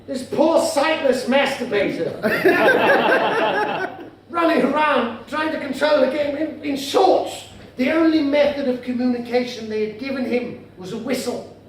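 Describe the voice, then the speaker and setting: A man's voice: very high voice, far from the mic. A man doing stand-up comedy in a pompous, mock-formal, dandyish manner, in a comedy venue before a live audience. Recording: echoey room heard from afar, noisy.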